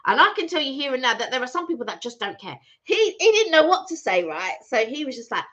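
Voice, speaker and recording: Lively, bright woman telling a story. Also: high voice, fast. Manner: animated storytelling, acts out both sides of a call. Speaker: channel host. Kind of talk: casual live-stream chat. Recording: dull lo-fi stream audio.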